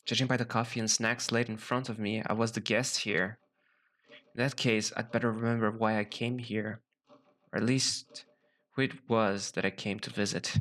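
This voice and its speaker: A man's voice: lowish voice, steady tone, normal speed, close to an everyday voice. A man reading out a frightened young woman. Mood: puzzled. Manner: first-person narration, growing panicked. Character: frightened young woman trapped in a dark room. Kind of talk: reading a visual novel aloud. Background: loud game music.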